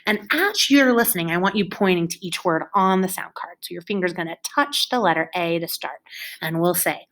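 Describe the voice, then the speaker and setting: Lively, encouraging teacher woman. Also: mid-range voice, fairly quick. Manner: bright, encouraging, exaggerated teacher voice. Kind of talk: recorded lesson for young children.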